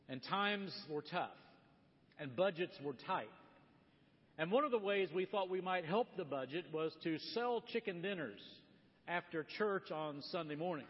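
A man preaching a sermon as a guest speaker, telling stories with lively quoted voices. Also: high-pitched. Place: church sanctuary. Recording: long hall reverb, dull lo-fi sound.

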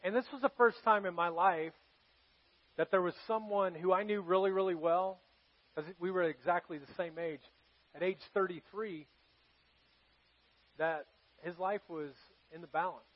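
A male pastor preaching a sermon in a church, telling stories earnestly and going quiet for serious moments. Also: high-pitched, normal speed, pauses often. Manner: earnest storytelling, drops soft for serious moments. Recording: dull lo-fi sermon recording.

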